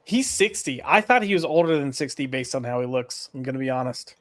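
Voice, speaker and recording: A man on a podcast panel in casual chat, talking in a relaxed, wry and somewhat hesitant way. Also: medium pitch, fairly quick, no room sound, clean studio sound.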